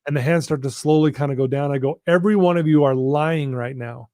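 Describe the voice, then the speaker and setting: A man's voice: fairly high pitch, warm tone, dry recording, studio quality. A man, a personal-development coach, telling a story as a guest in a live interview, leaning hard on key lines. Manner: earnest, drawn-out emphasis on key lines.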